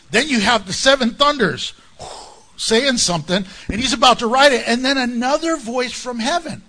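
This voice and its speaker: A male pastor preaching with a high, bright voice that leaps up and down in pitch. He talks to the congregation in a conversational way, breaking into jokes and asides. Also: expressive, normal speed. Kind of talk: sermon.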